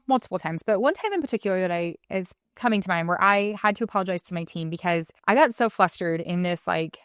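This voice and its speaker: A woman's voice: on the low side, clear, resonant tone, no echo. Chatty woman coach, dry close sound. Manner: chatty, filler-heavy, acts out little quoted voices with laughs. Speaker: volleyball coach and podcast host. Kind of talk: casual solo podcast talk.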